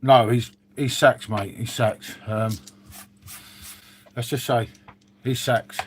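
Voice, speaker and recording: A man's voice: mid-range voice, steady tone, takes it slowly, breathy edge. A man chatting casually on a live stream, reading out viewer comments with lots of "mate" and "um".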